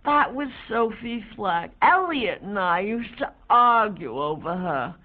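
A woman voicing an elderly lady who reminisces slowly, with hesitant pauses. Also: mid-range voice, big pitch swings. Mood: wistful. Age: older. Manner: slow, halting, hesitant reminiscence. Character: elderly woman reminiscing, wistful, gentle, rambling. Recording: tinny lo-fi phone-like sound.

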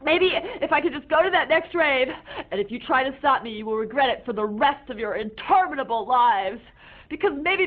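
A very high, squeaky, whiny teenage girl, voiced by a woman, sobs and rants at her parents, overwrought and tripping over fancy words. It is a comic character monologue, heard through a thin, tinny, phone-like sound. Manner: whiny, tearful, overwrought with mangled big words.

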